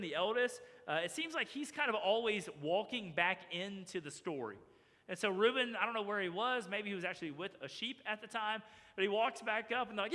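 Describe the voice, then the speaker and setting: A man preaching a sermon as pastor, animated and acting out the voices of the people in his story. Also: high-pitched, in a large hall. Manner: animated, acts out characters' voices. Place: church sanctuary.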